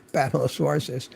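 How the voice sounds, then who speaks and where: A man's voice: a little high, creaky, a little mellow, slightly rough. An older man hosting a livestream, chatting casually and rambling as he greets viewers by name from his home studio. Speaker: livestream host.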